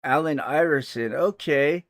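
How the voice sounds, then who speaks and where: A man's voice: a little high, measured pace. A man hosting a casual livestream, joking with his chat and laughing often. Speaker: livestream host.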